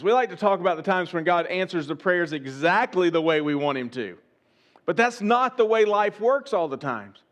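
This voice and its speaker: A pastor delivers his sermon in a fairly high voice, speaking to the congregation as if chatting with them. He circles back with rhetorical questions and repeats his phrases as he builds each point. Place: church service.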